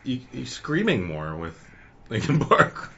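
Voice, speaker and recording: A man's voice: mid-range voice, huge pitch swings, takes it slowly, vocal fry, a bit bright, lo-fi sound. A man co-hosting a podcast in casual chat, laid-back and profane, laughing often. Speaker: podcast co-host.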